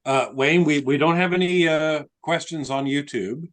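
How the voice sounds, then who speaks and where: A man's voice: fairly high pitch, normal speed. A male podcast co-host in casual chat, eager and stumbling as he pushes in a question.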